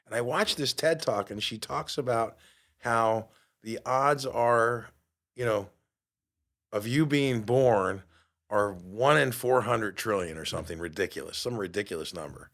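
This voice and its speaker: Animated New man telling a story. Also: lowish voice, a little slow. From New York. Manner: animated, acts out quoted dialogue. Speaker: podcast host. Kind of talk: storytelling monologue.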